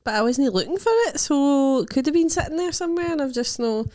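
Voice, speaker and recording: A woman's voice: sits high, lively intonation, fast, warm tone, dry recording, studio quality. A young Scottish woman, a comedian co-hosting a podcast, chatting casually and teasing her friend with lots of laughter. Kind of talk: casual chat.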